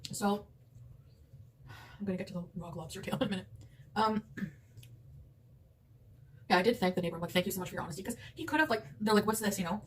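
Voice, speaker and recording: A woman's voice: mid-range voice, a little mellow. Rambling woman chatting while eating. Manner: rambling, chatty, laughs often. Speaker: mukbang eater. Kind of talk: casual chat while eating. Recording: distant mic with background noise.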